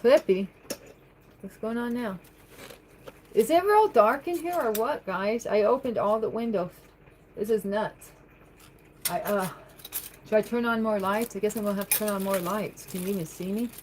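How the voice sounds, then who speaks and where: A woman's voice: medium pitch, normal speed, long pauses, a little mellow, slight background noise, poor audio. A woman chatting on a livestream from her home, reading viewer comments aloud and answering them in a rambling way. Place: home, at the kitchen sink.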